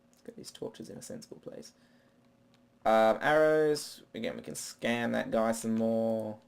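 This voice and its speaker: A man's voice: lowish voice, monotone, moderate pace, creaky, a little mellow, clear, resonant tone. A man doing rambling, self-talking let's play commentary while he plays. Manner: rambling, talks to himself. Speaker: gaming channel host.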